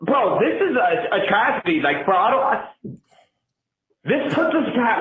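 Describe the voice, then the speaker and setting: A man calling in by phone to a podcast, ranting angrily and cursing, often yelling. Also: high voice, big pitch swings, unhurried. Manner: profane, yelling, heated. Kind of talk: angry fan rant over the phone. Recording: tinny phone line, echoey.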